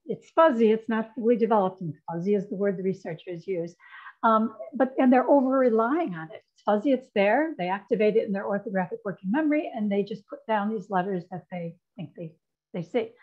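A woman's voice: medium pitch, dull audio. A woman presenting a lesson on spelling to teachers, explaining step by step and checking in with "right?" and "okay?". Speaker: literacy educator presenting. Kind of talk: instructional presentation.

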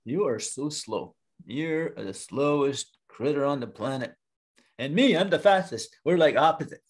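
A proud, fast bear laughs down at a slower creature, loud and teasing, his voice riding high, as a storyteller puts him on. He talks slowly and drawls his scorn. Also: lively intonation. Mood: scornful. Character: boastful mocking male bear, fast and proud. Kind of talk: oral storytelling.

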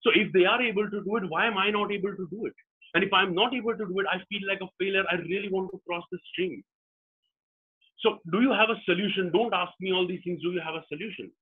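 A man voicing an anxious, frustrated male fox who pleads for help, speaking higher than his usual voice. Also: lively intonation, fairly quick, slightly rough. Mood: pleading. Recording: tinny phone-like line.

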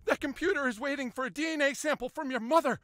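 An actor playing a frantic, whiny suburban dad in a cartoon video game, quick to squabble. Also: male voice, very high voice, a bit bright, dry recording, studio quality. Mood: frantic pleading. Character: frazzled, bickering suburban dad. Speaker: game character.

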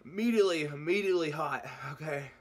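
Guy vlogging to camera, kinda high voice, slow, keeps saying stuff twice, faint noise behind. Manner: exclaiming, repeats himself. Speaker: vlogger doing a food challenge. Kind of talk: casual vlog talk to camera.

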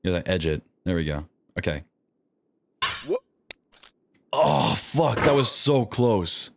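Animated male streamer talking to himself. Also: on the low side, normal speed, gravelly, a little hiss or hum. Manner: animated self-talk, frequent swearing; pleads and coaxes himself through attempts. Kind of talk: live game commentary.

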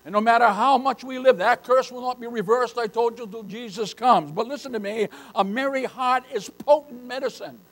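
An older man preaching a sermon as pastor, emphatic, often addressing listeners as beloved, rising to loud bursts. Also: very high voice, moderate pace, few pauses.

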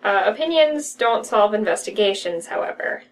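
A young woman reading a horror story aloud with a friend, giggly and quick to riff on jokes. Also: medium pitch, lively intonation, recorded from a distance, poor audio. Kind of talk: casual reading and chatty reactions. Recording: voice a bit off-mic.

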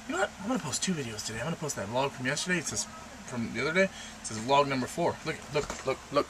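Young male vlogger, random and jokey, animated pitch, noisy home recording. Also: very fast. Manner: random, jokey, rambling with sudden pitch jumps. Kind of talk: rambling casual vlog. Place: room at a computer.

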